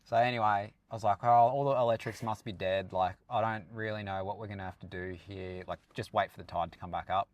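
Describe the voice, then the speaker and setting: A man's voice: on the low side, steady tone, fast talker, hardly any pauses. A man co-hosting a podcast, chatting bluntly and casually and swearing freely. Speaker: podcast co-host. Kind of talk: casual storytelling chat.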